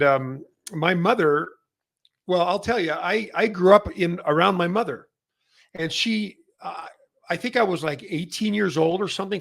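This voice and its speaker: A man's voice: high voice, vocal fry, fairly bright tone. A middle-aged man from Canada hosting a casual industry update, rambling with many fillers and restarts. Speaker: massage chair retailer and show host.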